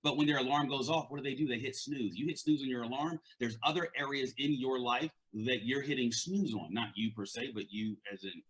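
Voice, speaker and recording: A man's voice: medium pitch, brisk, hardly any pauses, a bit bright. A man with a stutter giving an earnest, conversational motivational talk as a leadership and mindset coach, often repeating words.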